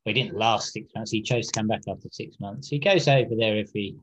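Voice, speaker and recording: Blunt, jokey podcast host. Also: male voice, on the low side, brisk. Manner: blunt, swearing, jokey banter. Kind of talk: casual chat.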